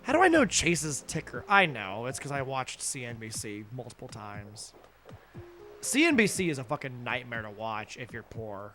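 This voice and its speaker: A man's voice: mid-range voice, huge pitch swings, moderate pace, sharp tone, soft background music. A young man streaming from home, ranting heatedly and with lots of swearing into a desk microphone. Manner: heated, profane ranting with sarcastic asides. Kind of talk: casual angry rant while streaming a game.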